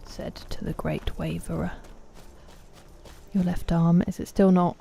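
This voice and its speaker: A young woman giving casual commentary while streaming a game, chatting with her viewers and reacting loudly. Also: on the low side, level tone, a little slow, vocal fry.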